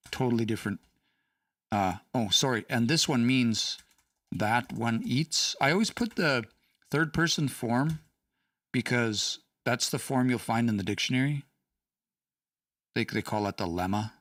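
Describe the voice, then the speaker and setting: A man's voice: medium pitch, a bit bright, no room sound, studio quality, recorded from a distance. A man teaching language casually on a livestream, chatty, laughing and reading out chat comments.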